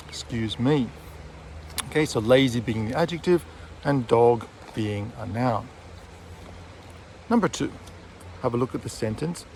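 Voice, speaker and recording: Relaxed man teaching outdoors. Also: mid-range voice, a little slow, pauses often, a little hiss or hum. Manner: chatty, relaxed, with frequent fillers and self-corrections; talking while out walking a dog. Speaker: English teacher and textbook author. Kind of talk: casual outdoor video lesson. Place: outdoors by a city river.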